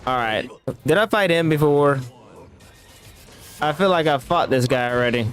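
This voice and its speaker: A man's voice: a little high, animated, normal speed, faint music behind. A man giving live gameplay commentary as a streamer, talking back at the game with profane, reactive trash talk.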